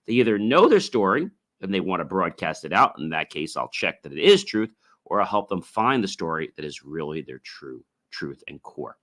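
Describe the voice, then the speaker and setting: Male podcast host, low-ish voice, casual and rambling, demonstrates chanting. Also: sing-song, fairly bright tone. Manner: chants drawn-out oms in demonstration; loose, filler-heavy, repeats himself. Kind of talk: casual solo podcast talk.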